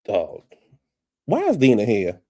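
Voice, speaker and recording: A man's voice: fairly low pitch, wildly swooping pitch, takes it slowly, warm tone, husky, no room sound. A man giving a sassy, gossipy casual recap of a reality show, talking straight to his viewers.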